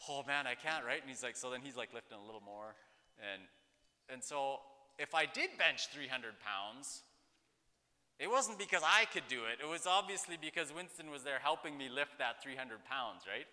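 Very bright-voiced man with a chatty manner. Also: mid-range voice. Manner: conversational, rambling, with many fillers and acted-out quotes. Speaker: pastor. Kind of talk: casual devotional talk. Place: outdoors. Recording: echoey hall-like reverb.

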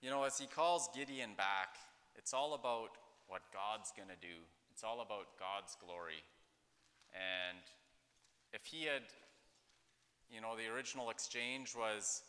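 Very bright-voiced man with a chatty manner. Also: on the low side, unhurried. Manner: conversational, rambling, with many fillers and acted-out quotes. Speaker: pastor. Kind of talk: casual devotional talk. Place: outdoors. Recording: echoey hall-like reverb.

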